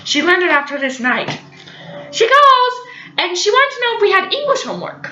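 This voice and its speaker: A young woman, a college student, telling a funny story in an animated, dramatic way. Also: extremely high pitch, moderate pace, roomy sound, lo-fi sound. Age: young adult. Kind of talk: storytelling vlog.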